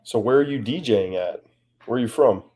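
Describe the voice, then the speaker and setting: A man's voice: mid-range voice, a little fast, warm tone, slightly rough. A man as a guest on a livestream, chatting casually and reading viewer comments, laughing often and joking.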